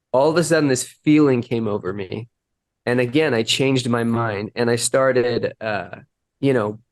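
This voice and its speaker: A man candidly recounting his recovery story in an interview, earnest and halting, acting out the dialogue he quotes. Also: mid-range voice, dry recording.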